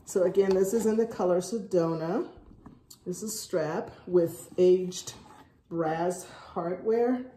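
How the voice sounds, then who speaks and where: Woman, unboxing vlog, gasping and gushing, unhurried pace, echoey room, faint background hiss. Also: lowish voice, mellow. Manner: gushing, gasping, breathless exclamations. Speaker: vlogger. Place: at home, indoors.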